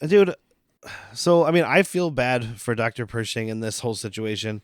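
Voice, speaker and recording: A man of middle pitch chatting casually on a podcast. He jokes easily and drops into short mock-quotes. The sound is close and dry with no room around it. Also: lively intonation, normal speed, no echo. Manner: laid-back, joking, mock-quotes characters. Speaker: podcast co-host. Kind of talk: casual chat.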